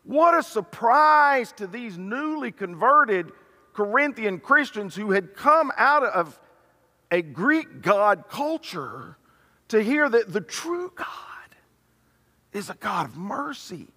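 An older man preaching a sermon, swinging between loud, emphatic passages and hushed, tender ones. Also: very high-pitched, sing-song, slow pace, long pauses. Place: church sanctuary. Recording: reverberant church hall.

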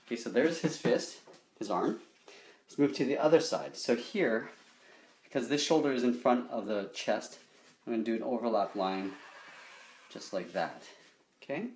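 A man giving a step-by-step drawing lesson, calmly talking through each stroke and checking in with "okay?". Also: mid-range voice, normal speed, pauses often, echoey room, a little hiss or hum. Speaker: drawing instructor.

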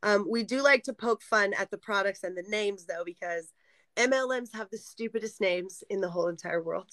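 A woman's voice: mid-range voice, moderate pace, fairly bright tone. A woman, a former seller for a sales scheme, chatting casually as a guest on a live stream and explaining terms with frequent laughs.

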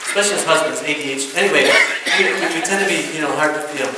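A man's voice: on the high side, rapid-fire, background noise. A male pastor preaching a sermon to his congregation in a folksy way, often checking in with them. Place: church sanctuary. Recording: very echoey church room from far off.

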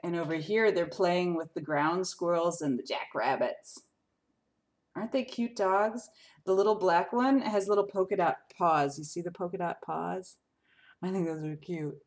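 A woman reads a picture book aloud to children in a lowish voice. She is animated and sing-song, with big upward swings, and keeps turning to her young listeners to ask them things. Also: moderate pace. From lives in Arizona desert.

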